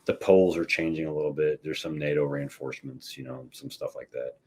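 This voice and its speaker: A man's voice: very deep voice, steady tone, a little fast, dark tone, breathy edge. A man who designs war games, explaining at length as a guest in a casual chat, with restarts and "right?" tags.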